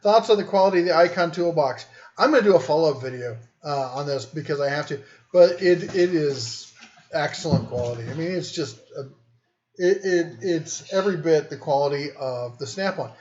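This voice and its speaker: A man's voice: fairly high pitch, animated, a little fast, darkish tone, lo-fi sound. A man hosting a casual livestream from home, joking and rambling as he reads viewer comments aloud. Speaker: livestream host. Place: home den.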